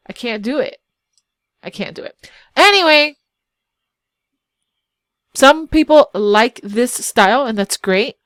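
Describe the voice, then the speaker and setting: With a slightly high voice and clean, echo-free studio sound, a woman web designer hosting a channel shares her screen for a relaxed look at website builders. She narrates her thoughts as she clicks about, chatty and self-deprecating.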